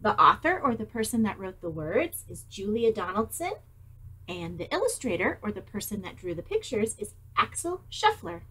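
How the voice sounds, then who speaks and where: A woman reading a picture book aloud to young children, animated and asking them questions. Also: mid-range voice, normal speed, slightly rough. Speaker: storytime reader.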